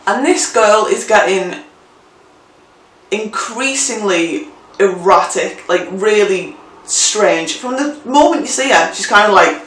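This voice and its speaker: A young woman telling a story in a casual vlog, animated and chatty, swearing freely. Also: mid-range voice, slow, distant mic. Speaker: vlogger. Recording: roomy, mic set back.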